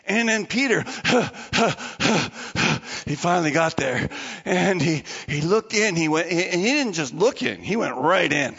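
A man telling a story to children in an animated, dramatic way. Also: high-pitched, slow pace, gravelly, husky, big-room sound, lo-fi sound. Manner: animated, dramatic retelling with restarts.

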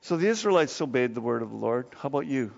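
A male pastor preaching a sermon in a conversational, animated way, dropping to low asides and then rising into excited bursts. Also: fast, gravelly. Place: church sanctuary. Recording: long hall reverb, dull muffled sound.

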